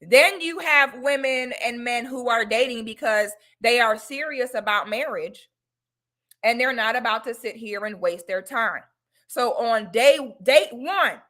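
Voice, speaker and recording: A woman hosting a casual livestream talk, giving blunt, opinionated advice in an animated way. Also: fairly high pitch, unhurried. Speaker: online talk host.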